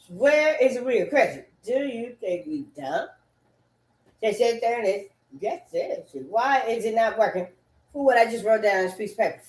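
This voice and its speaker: A woman rambling casually and repetitively, swearing often and breaking into loud outbursts, sitting at home on a couch. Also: medium pitch, expressive, moderate pace. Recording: echoey room.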